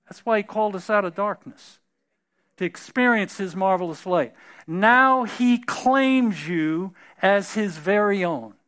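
A man's voice: sits high, animated, a little slow, a bit bright, smooth. A man in his fifties or older preaching a sermon, emphatic and drawn out, with casual, folksy asides. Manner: laughs during his own anecdotes.

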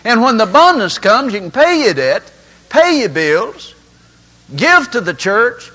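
A man preaching, his fairly high voice swinging widely in pitch. He tells folksy stories and plays out the people in them. His tone is bright and forceful. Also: very animated, a little slow, poor audio. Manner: folksy storytelling with acted-out voices. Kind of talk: sermon.

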